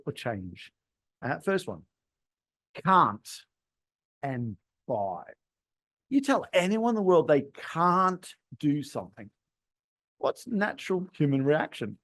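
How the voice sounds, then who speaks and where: Guy hosting a sales podcast, fairly high voice, swings up and down a lot when he talks. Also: measured pace. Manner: animated, emphatic, plays with tone. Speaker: podcast host and sales trainer. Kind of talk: solo podcast talk.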